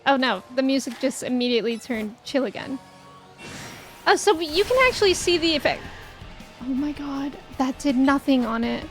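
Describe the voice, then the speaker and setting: Excitable high-voiced woman streamer. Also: moderate pace. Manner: excitable, jumps to frightened shrieks and laughter. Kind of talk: live gameplay commentary. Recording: game music playing underneath. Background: faint game music.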